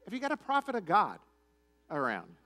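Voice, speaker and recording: A man's voice: sits high, huge pitch swings, a little fast, bright, forceful tone, faint music behind, full character voice. A preacher voicing a polite, eager-to-please king. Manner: polite, hesitant asking.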